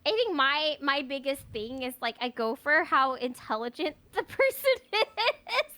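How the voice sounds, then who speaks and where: Young woman, very high voice, swoopy lively intonation, giggly, casual chat. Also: measured pace. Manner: giggly, bubbly, laughs often between words. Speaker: VTuber co-host.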